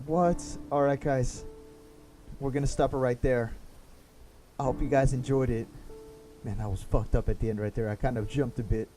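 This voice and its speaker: A young man playing a story game, casually commenting and reading dialogue aloud, often halting. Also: mid-range voice, flat delivery, mellow, soft background music. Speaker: gaming YouTuber.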